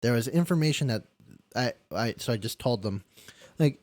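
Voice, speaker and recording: A young man recounts a hard story at work in a candid, emotional ramble, stumbling over his words and swearing now and then. His voice sits at an everyday middle pitch and is captured dry and close on the mic, with no room sound. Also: expressive, moderate pace, darkish tone, no echo. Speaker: caregiver and podcast guest. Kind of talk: candid storytelling in a live-streamed interview.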